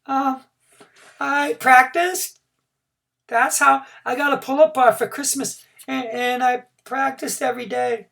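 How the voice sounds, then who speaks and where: A man's voice: extremely high pitch, steady tone, slow pace, creaky, bright, forceful tone, far from the mic, pitched above the performer's own voice, heavily acted. A man reading a storybook aloud and voicing a shy, small kindergarten boy who stammers. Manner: hesitant, stammering.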